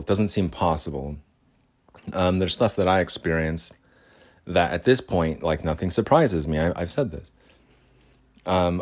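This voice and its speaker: A man hosting his own podcast, rambling casually and exasperated, with many restarts and asides. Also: deep voice. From Utah. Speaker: podcast host. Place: home with cats.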